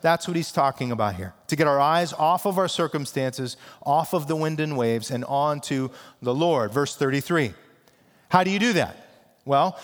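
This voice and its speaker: A man's voice: a little high, in a large hall. A man pastor preaching a sermon in a conversational, emphatic way with casual asides.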